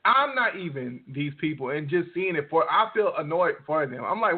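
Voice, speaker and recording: A man's voice: fairly high pitch, normal speed, few pauses, slightly rough. A man co-hosting a podcast, ranting casually with lots of swearing and fillers. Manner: profane, animated ranting with many fillers. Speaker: podcast co-host. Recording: tinny phone-line sound.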